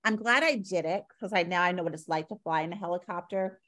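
A woman with a New York accent, chatting in a relaxed podcast conversation. Her voice sits lower than most women's. She talks with lively enthusiasm. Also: quick pace. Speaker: podcast co-host. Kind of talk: casual chat.

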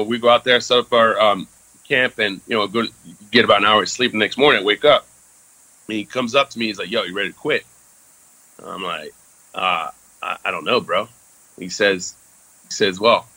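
A man's voice: medium pitch, sharp tone, rough recording. A man from France in his thirties, a guest casually telling a candid story with many fillers and casual swearing.

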